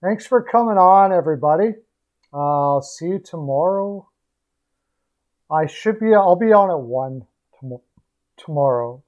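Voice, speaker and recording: A man with a slightly high voice chats casually on his live stream. He rambles along easily with plenty of fillers, and his voice is getting worn and hoarse as he talks. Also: a little slow, pauses often, highs cut off. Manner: relaxed, rambling sign-off with fillers. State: losing his voice.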